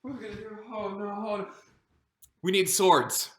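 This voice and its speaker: A woman's voice: mid-range voice, fairly even intonation, normal speed, close to an everyday voice. A woman pastor performing a devotional monologue as a frightened disciple of Jesus, anxious and stammering with many restarts. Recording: roomy echo.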